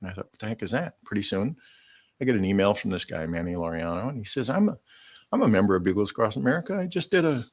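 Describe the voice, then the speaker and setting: An older man from Minnesota, a guest bugler, telling rambling stories in casual talk, with a gravelly voice, frequent fillers and laughs. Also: lowish voice, expressive, fast talker, dry recording. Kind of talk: casual storytelling.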